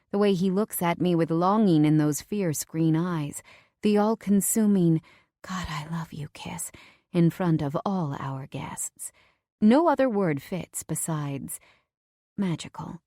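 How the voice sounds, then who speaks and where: A woman narrating a first-person romance audiobook in a studio, expressive and dropping to whispers for inner thoughts. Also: fairly low pitch, dry recording.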